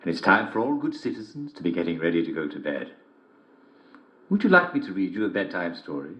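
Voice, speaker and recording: A cheery television host with a theatrical, wildly animated delivery, his pitch leaping all over the place. He sits a little low, and the broadcast sound is slightly dull and lo-fi. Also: fairly quick. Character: relentlessly cheery male TV host. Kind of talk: scripted broadcast patter and storytelling.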